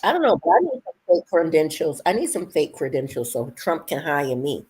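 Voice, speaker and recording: A woman in casual chat who tells lively stories, acts out what others said, and laughs often. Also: deep voice, a little fast, slightly rough. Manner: animated storyteller, acts out quotes, laughs often.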